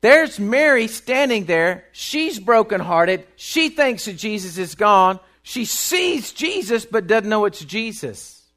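A man preaching a sermon, swinging between loud bursts and hushed, quiet stretches. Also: high voice, very animated, takes it slowly, few pauses. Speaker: pastor.

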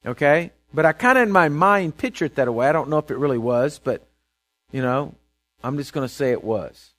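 A man's voice: a little high, lively intonation, brisk, fairly bright tone. A man, preaching a sermon as a pastor. He tells the story in a casual, conversational way, stammering through restarts and often checking in with "right?" and "okay?".

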